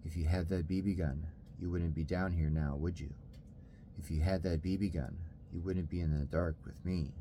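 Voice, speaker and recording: A man voicing an unseen presence in the dark with a low, spellbinding, haunting voice, soothing and coaxing. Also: steady tone, moderate pace, a little hiss or hum, natural voice. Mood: taunting.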